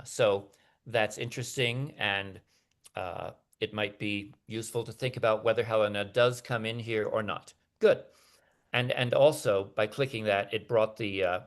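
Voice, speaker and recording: Hesitant male lecturer on a video call. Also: fairly low pitch. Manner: hesitant, many fillers and restarts.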